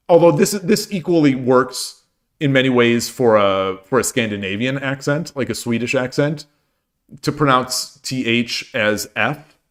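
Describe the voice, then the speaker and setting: A man's voice: mid-range voice, a bit bright. Tired, rambling man streamer. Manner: rambling, with frequent restarts and self-deprecating jokes. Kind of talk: casual chat while streaming games.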